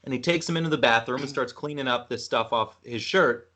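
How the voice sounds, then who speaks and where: A man's voice: medium pitch, a little fast, sharp tone. A man from Canada hosting a podcast, rambling through a film retelling in casual chat. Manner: rambling, retells film scenes with acted quotes. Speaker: podcast host.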